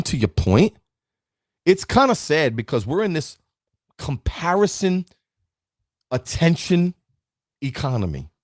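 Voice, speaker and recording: Man, motivational speaker, emphatic live stream pep talk, animated delivery, dry close sound. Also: fairly high pitch, dry recording. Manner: emphatic, preachy, keeps asking "right?"; greets viewers by name.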